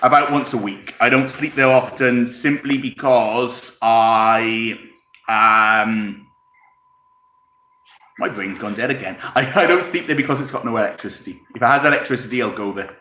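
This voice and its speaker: A man's voice: medium pitch, moderate pace, pushed and bright. A man from Wales with a Welsh accent, casually chatting on a live stream from his home, reading out comments, rambling and chuckling as he sips tea. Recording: echoey room.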